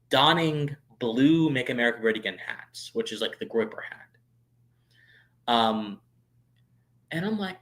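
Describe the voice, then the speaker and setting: A man in the middle of his pitch range chats through a long personal story for his live stream viewers. He talks in a loose, animated way, full of fillers and restarts. His level swings from murmured asides to sudden loud bursts. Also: normal speed. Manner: chatty, many fillers and restarts. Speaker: streamer and show host.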